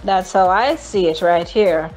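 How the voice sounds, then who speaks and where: A Jamaican woman hosting a daily travel news segment, lamenting and sarcastic, with high mock-cheerful whoops. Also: a little slow, a little mellow, soft background music. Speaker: travel company news host.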